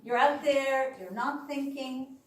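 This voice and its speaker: Animated woman storyteller, echoey and distant. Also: sits high, slow pace, a little hiss or hum. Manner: animated storyteller, acts out quoted voices. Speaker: speaker sharing personal experiences. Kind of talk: storytelling talk to a small audience. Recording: echoey room, voice from far off.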